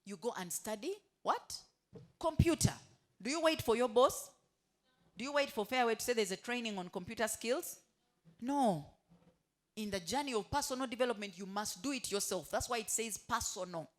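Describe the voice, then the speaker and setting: In a hotel staff meeting room, a motivational speaker leads a staff training talk, quizzing the audience and having them finish her sentences. Her voice is a little high, and she speaks a little fast.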